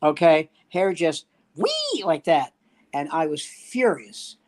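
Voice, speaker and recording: A man's voice: fairly high pitch, slow, a little mellow. An older man, a standup comedian, telling rambling anecdotes in casual chat with acted-out quotes.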